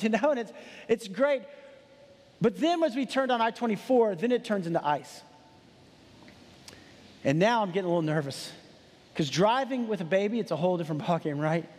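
High-voiced man telling a sermon story. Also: fairly quick. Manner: animated, repeats words at starts, quotes himself. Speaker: pastor. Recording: hall reverb.

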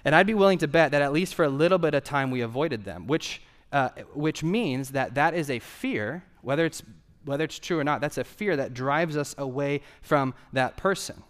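A man's voice: fairly high pitch, animated, normal speed, hardly any pauses, a bit bright. A man preaching a sermon in a conversational way, asking the audience questions and repeating key phrases for emphasis.

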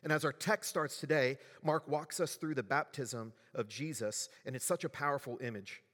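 A man delivers a sermon as pastor at a moderate pace, his medium-pitched voice fairly bright against a large hall's long reverb. He speaks conversationally and poses questions to the congregation.

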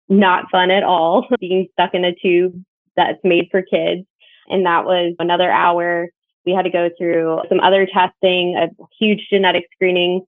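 With a lowish voice and no room sound, a young woman from Northern Virginia shares her experience as a bereaved mother. The dry audio sounds tinny, like a phone line. Her testimony is conversational, earnest and reflective, and she quotes others in dialogue.

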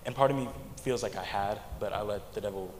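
A young man giving a church testimony in a halting way, often repeating words, mostly speaking quietly. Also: fairly low pitch, slight background noise. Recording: echoey hall, faint ambience.

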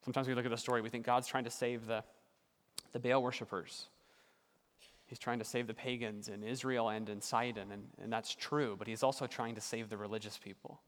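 An earnest male pastor delivers a sermon, building his points through repetition. He often softens for emphasis, his mid-pitched voice trailing into the long reverb of a large hall. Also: flat delivery, quick pace, few pauses.

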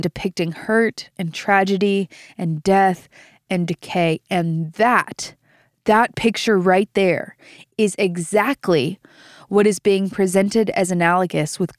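A woman's voice: fairly low pitch, steady tone, slow, dry recording, clean studio sound. A young adult woman hosting a devotional podcast, reading scripture aloud and teaching it with earnest emphasis. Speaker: podcast host.

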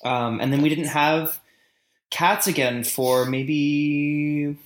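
A man telling a long personal story in relaxed chat. He pauses often and muses aloud, with frequent fillers. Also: a little high. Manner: reflective storytelling, many fillers. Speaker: conversation partner. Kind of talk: casual chat.

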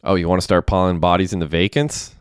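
Curt, profane young man, voiced by a male reader, deep and dry. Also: steady tone, quick pace, clear, resonant tone, no echo, close to an everyday voice. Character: young man, blunt and snappish.

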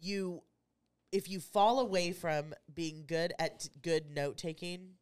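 A woman's voice: on the low side, takes it slowly, clean tone. A woman, co-hosting a casual podcast as an insurance agent, chatty and rambling. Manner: chatty, rambling, laughs easily. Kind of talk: casual chat.

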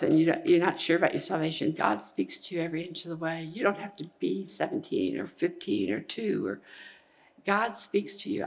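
A middle-aged woman tells her testimony to a church congregation in a low, gravelly voice. She rambles earnestly, circling back and restarting as she goes. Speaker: church member giving testimony.

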